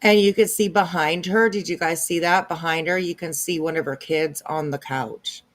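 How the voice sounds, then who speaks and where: A woman's voice: lowish voice, steady tone, moderate pace. A woman hosting a casual commentary stream, chatty and agreeable, with many fillers and restarts. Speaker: commentary channel host.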